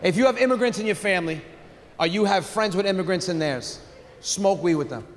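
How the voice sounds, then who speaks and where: A stand-up comedian with a high, bright-edged voice works a big room, animated and loud on his punchlines. His voice rings with a long hall reverb, and crowd noise sits clearly behind him. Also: fairly quick. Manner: animated, shouts punchlines, acts out family members. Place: large theater stage with audience.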